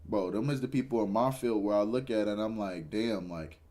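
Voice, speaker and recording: A man's voice: lowish voice, a little fast, mellow. A tired young man, a streamer giving a rambling, earnest motivational talk and swearing casually. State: tired, yawning.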